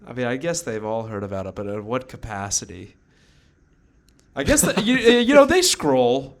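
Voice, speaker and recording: A man's voice: mid-range voice, big pitch swings, normal speed. A man co-hosting a comedy podcast, riffing in casual banter, laughing often and slipping into silly voices. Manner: laughs often, riffs with goofy put-on voices. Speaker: podcast co-host.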